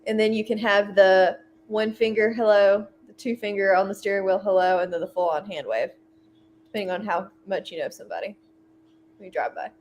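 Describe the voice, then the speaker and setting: A woman's voice: medium pitch, brisk. Woman from the American South, folksy, laid-back, faint background noise. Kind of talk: casual group chat on a call.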